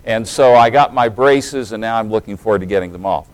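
A man's voice: medium pitch, a little fast, hardly any pauses, no echo, poor audio. A man around forty from East Tennessee with a general American accent, preaching a sermon in a folksy, humorous way that builds into emphatic preaching. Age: late 30s to early 40s.

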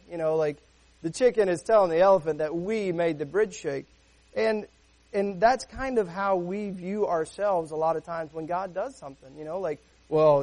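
High-voiced man preaching conversationally. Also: darkish tone. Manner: conversational preaching with rhetorical questions. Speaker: pastor. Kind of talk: sermon.

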